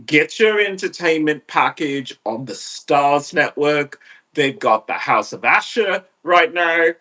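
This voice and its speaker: A man ranting on his podcast in a profane, animated monologue. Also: medium pitch. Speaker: podcast host.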